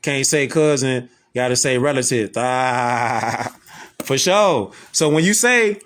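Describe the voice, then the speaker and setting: A man's voice: medium pitch, slow, fairly bright tone. A man with a Chicago accent, talking casually and loosely in a slangy monologue and often repeating "you know what I'm saying.". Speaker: social media talker.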